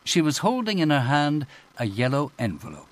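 A man narrating an audiobook in a measured, expressive reading voice. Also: fairly high pitch. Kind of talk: scripted narration.

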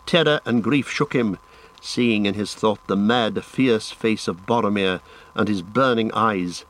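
A man with a low voice reads a fantasy novel aloud. His delivery is measured and dramatic, steady through long passages of narration. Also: rough recording. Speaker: audiobook narrator.

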